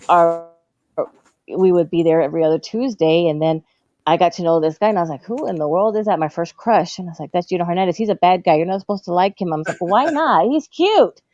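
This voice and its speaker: A woman guest on a talk show, telling stories in a casual way and acting out dialogue in a higher voice. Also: steady tone, quick pace, warm tone, no room sound, lo-fi sound. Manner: acts out childhood dialogue in a higher voice, laughs often. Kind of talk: casual storytelling.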